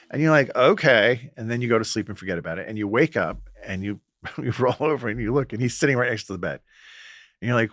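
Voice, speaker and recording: A man, a Catholic priest, telling stories in a relaxed podcast conversation and acting out the voices he quotes. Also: medium pitch, fast, dry recording, clean studio sound. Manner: storytelling, acts out quoted voices. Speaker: Catholic priest and exorcist guest.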